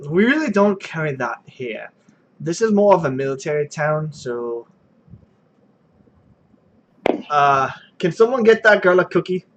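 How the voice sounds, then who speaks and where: A man's voice: fairly high pitch, sing-song, normal speed, muffled recording, a little hiss or hum. A man voicing a plain-spoken innkeeper. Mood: matter-of-fact. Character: male innkeeper serving drinks at a bar.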